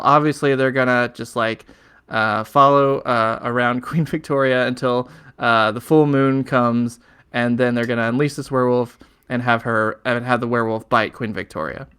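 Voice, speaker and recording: A man's voice: mid-range voice, steady tone, moderate pace, fairly bright tone, clear, resonant tone. Man rambling through a podcast recap. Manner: rambling, filler-heavy, chuckling recaps. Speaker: podcast co-host. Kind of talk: casual podcast chat.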